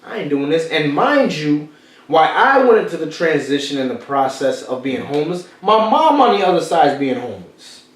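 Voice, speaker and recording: A man's voice: fairly high pitch, big pitch swings, normal speed, far from the mic. A man, telling a personal story as a motivational podcast host. He repeats his key phrases like a preacher. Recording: echoey room, off-mic, faint noise.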